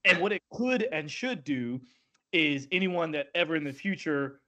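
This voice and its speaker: A man's voice: on the high side, expressive, moderate pace, pushed and bright, dull audio. Chatty man, podcast host. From Southern United States. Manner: laughs easily, rambling and chatty. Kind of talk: casual interview chat.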